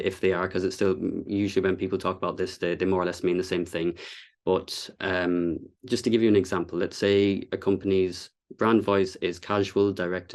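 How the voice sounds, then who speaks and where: A man with a low, deep voice walks a meetup audience through design ideas. He talks casually, stopping often for fillers and small restarts as he explains. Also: a little mellow. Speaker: content designer giving a talk.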